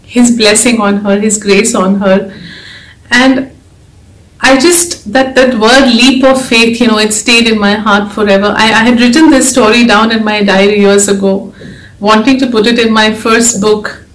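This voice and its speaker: A woman's voice: fairly high pitch, fairly even intonation, moderate pace. Earnest woman in an echoey room. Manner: earnest, emotional, exhorting. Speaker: devotional speaker and author. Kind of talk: devotional talk.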